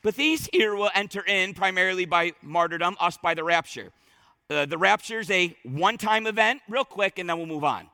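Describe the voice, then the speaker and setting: Emphatic high-voiced male preacher. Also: fairly quick, vocal fry, pushed and bright, no room sound, in a large hall, a faint crowd. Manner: emphatic, repeats words when starting phrases. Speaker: pastor. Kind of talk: sermon.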